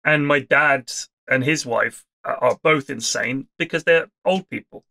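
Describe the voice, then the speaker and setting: A man's voice: medium pitch, unhurried, sharp tone. A man co-hosting a podcast in casual chat, prone to crude, exaggerated rants. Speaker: podcast co-host.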